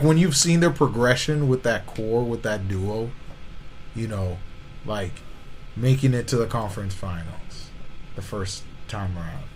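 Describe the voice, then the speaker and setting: A man's voice: mid-range voice, fairly bright tone, a little hiss or hum, low-quality recording. A man co-hosting a podcast, arguing about basketball in casual slang and often saying "you know what I'm saying". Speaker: podcast co-host. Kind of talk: casual sports debate.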